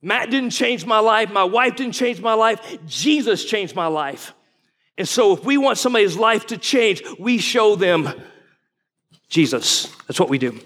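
He's a man in his forties, a visiting pastor whose voice sits high and a bit bright, animated yet measured in pace. Delivering a folksy, conversational sermon, he quizzes the congregation, and the large hall lends a long reverb.

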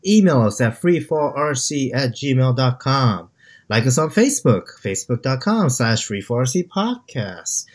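A man's voice: mid-range voice, unhurried. A man co-hosting a hobby podcast in casual chat, laughing often and joking around. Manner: laughs often, animated banter. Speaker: podcast co-host.

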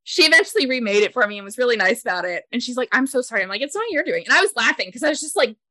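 A woman co-hosting a casual chat, retelling a story in a chatty way with laughter and halting restarts. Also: a little high, sing-song, sharp tone, no room sound. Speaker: podcast co-host.

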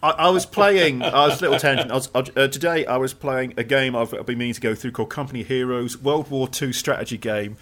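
A man's voice: medium pitch, fairly bright tone. A man co-hosting a podcast, chatting enthusiastically about films. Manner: enthusiastic, quick to laugh. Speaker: podcast co-host. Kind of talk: casual podcast chat.

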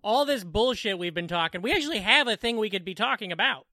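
A man co-hosting a comedy podcast from his living room, tossing out sarcastic, profane jokes. His bright voice swings widely in pitch, and the sound is dry and close. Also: expressive, fast, no echo. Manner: joking, profane, sarcastic asides. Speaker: podcast co-host. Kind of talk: casual comedic chat.

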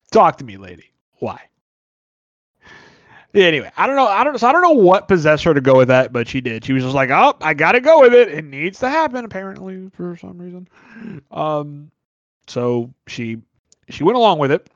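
A fairly high-voiced man talking in a casual movie review chat, animated and incredulous, with some swearing. The recording is dull and lo-fi. The sound is dry and close. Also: no room sound. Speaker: podcast co-host.

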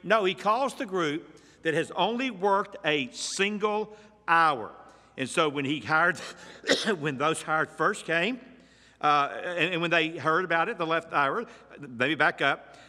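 A man preaching a sermon in a large church, his voice slightly high and bright with a forceful edge. He works through the text verse by verse and drives his points home with rhetorical questions. His voice rings with the long reverb of the big hall. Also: slow. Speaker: pastor.

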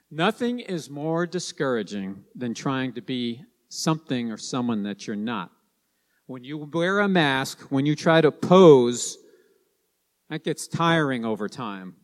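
A man's voice: medium pitch, in a large hall. A man preaching a sermon to his congregation, stressing points and repeating key lines.

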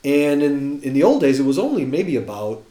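A man in a casual chat, telling animated, laughing anecdotes with lots of restarts. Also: mid-range voice, normal speed, echoey room.

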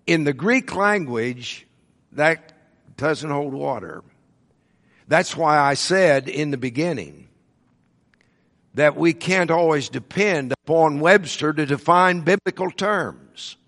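Slow, deliberate preacher man in a reverberant hall. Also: a little high, expressive, a bit bright. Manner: slow, deliberate teaching with emphasized words. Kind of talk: sermon.

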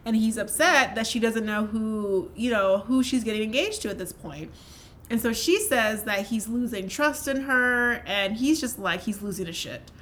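A woman's voice: a little high, slight background noise. A woman co-hosting a podcast, chattily retelling a reality show episode with lots of fillers. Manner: fast, animated retelling with many fillers. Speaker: podcast co-host. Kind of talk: casual recap chat.

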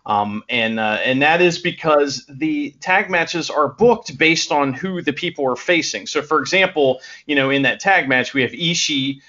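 A man co-hosting a podcast, explaining in a measured way with many fillers. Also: a little high, sharp tone, lo-fi sound. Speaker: podcast co-host. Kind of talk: casual chat.

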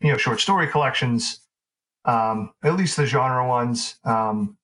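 A man being interviewed as an author, talking in a relaxed, rambling way with lots of fillers and restarts. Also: medium pitch, unhurried, low-quality recording. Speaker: author guest. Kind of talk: casual interview conversation.

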